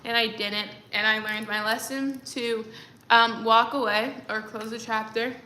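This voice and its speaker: A young woman with a high, bright voice rambles through a casual livestream chat, full of fillers and restarts. She sounds like she is in an echoey room. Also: steady tone, a little slow, slight background noise. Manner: rambling, chatty, many fillers. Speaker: livestreaming creator.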